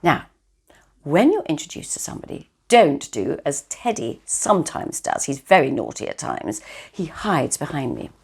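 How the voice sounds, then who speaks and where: An older woman talks gently and encouragingly to children about good manners. Her voice sits low with a slightly husky edge, and her pitch swings lively up and down as she teaches. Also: moderate pace. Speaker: etiquette teacher. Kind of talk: children's etiquette lesson video.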